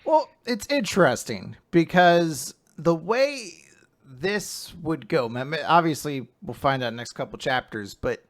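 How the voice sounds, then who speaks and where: Higher-voiced man chiming in casually. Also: very animated, unhurried. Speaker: podcast co-host. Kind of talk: casual chat.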